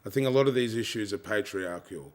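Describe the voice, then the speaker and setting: A low-pitched man with an Australian accent speaks as an interview guest. His talk is loose and blunt, with swearing and constant "you know" fillers, in an easy conversational flow. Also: fast talker. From Tasmania, Australia.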